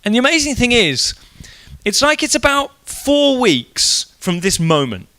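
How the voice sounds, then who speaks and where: A man's voice: extremely high pitch, a little slow. A man preaching an evening church sermon in a casual, conversational way, telling the story animatedly. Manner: animated storytelling, acting out quoted voices.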